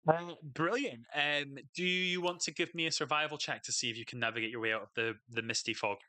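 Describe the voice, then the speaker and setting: A man narrating as game master of a tabletop game, halting and full of fillers as he describes scenes. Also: fairly high pitch, fairly even intonation, pushed and bright, dry recording.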